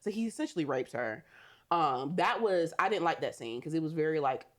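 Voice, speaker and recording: A woman's voice: sits low, lively intonation, a little fast. A woman co-hosting a podcast, animatedly recapping a movie in casual chat, swearing and laughing often. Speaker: podcast co-host.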